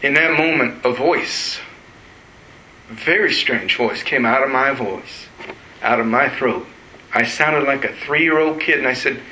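A man's voice: mid-range voice, a little slow, sharp tone, a little hiss or hum. A man, a pastor, telling a personal story in a sermon. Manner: storytelling with emotional retelling. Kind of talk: sermon testimony. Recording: roomy echo.

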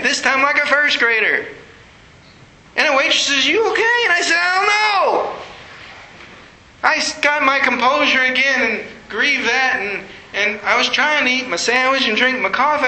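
A man's voice: extremely high pitch, pushed and bright. A middle-aged man, a pastor, telling a personal story in a sermon with earnest emotion. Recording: echoey room.

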